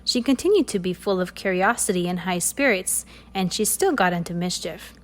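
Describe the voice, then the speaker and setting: Woman reading a kids' story, playful and expressive. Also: lowish voice, normal speed.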